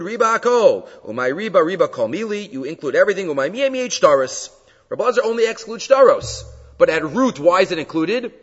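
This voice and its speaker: A man teaching a Talmud lesson in an emphatic, animated way, mixing Hebrew and Aramaic terms into his English. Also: fairly high pitch, husky. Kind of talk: Talmud study lecture. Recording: dull sound with long reverb.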